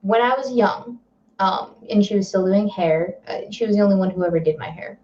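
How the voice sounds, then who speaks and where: A woman co-hosting a casual stream chat, giggly and teasing, with quick banter. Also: mid-range voice, darkish tone. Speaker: co-host. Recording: slightly dull lo-fi audio.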